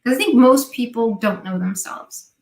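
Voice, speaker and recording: A woman's voice: a little high, moderate pace. A woman with a New Jersey accent, a guest on a video call, telling stories and acting out the dialogue. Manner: animated storyteller acting out quoted dialogue. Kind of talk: casual chat. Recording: echoey room.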